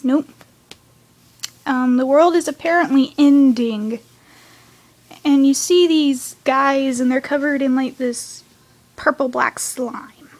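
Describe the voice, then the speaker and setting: A teenage girl recapping a cartoon episode at home in a chatty, excitable rant, dropping now and then into whispered asides. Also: high-pitched, takes it slowly, pauses often. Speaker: fan reviewing a cartoon episode.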